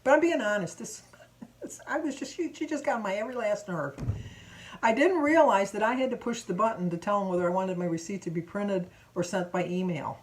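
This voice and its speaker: A middle-aged woman tells a story straight to the camera in a casual vlog, chatty and indignant. Her voice sits at an ordinary, mid-range pitch for a woman. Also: fairly quick. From Michigan. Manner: chatty, indignant retelling of a store run-in. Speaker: vlogger.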